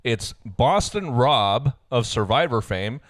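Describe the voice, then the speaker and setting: A man's voice: medium pitch, expressive, slow pace, fairly bright tone, no echo, studio quality. A man co-hosting a podcast, chatting casually and laughing as he acts out quotes. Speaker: podcast co-host. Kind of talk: casual chat recapping a reality show.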